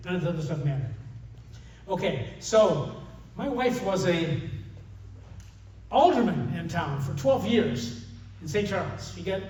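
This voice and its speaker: An older man giving a humorous, rambling retreat talk to a group of men, telling a family story and then joking about marriage. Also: sits high. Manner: humorous storytelling with many restarts. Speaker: conference speaker. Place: retreat meeting room. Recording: distant, very echoey room mic.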